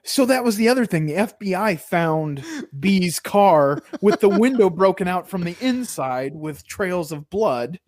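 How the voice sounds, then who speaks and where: A podcast co-host recapping a documentary in casual chat, quick and profane, often correcting themselves. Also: mid-range voice, animated, darkish tone, no room sound, clean studio sound. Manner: quick, swearing, self-correcting.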